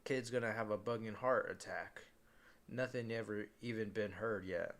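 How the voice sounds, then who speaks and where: A man's voice: fairly low pitch, steady tone, moderate pace, fairly bright tone. A man voicing a friendly, easygoing teenage boy, read aloud from a storybook.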